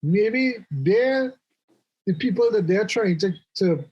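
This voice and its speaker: A man's voice: high voice, lively intonation, takes it slowly, slightly rough, lo-fi sound. A man hosting a casual podcast panel, chatty and opinionated, often restarting his sentences. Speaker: podcast host.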